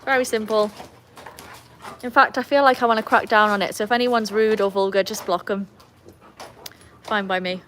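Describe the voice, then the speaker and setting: An English woman hosts a casual live stream from a rainy poolside, chatting on her phone. She greets viewers and playfully scolds her dogs, at a middling pitch with faint noise around her. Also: steady tone, moderate pace, pauses often, fairly bright tone. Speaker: livestream host. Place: outdoors beside a backyard pool in the rain. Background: faint rain and outdoor ambience.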